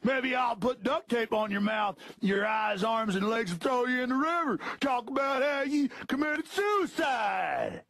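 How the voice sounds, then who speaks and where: A man voicing a sadistic, bullying male cop who taunts and mocks in a gravelly shout. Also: extremely high pitch, animated, measured pace, no echo, pitched above the performer's own voice, full character voice. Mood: taunting.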